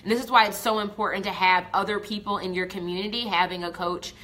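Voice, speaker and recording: A woman's voice: mid-range voice, fairly even intonation, fast, bright, forceful tone. A woman business coach talking with feeling on a live stream, repeating herself and swearing casually. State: tearful at moments. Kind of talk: emotional live-stream talk.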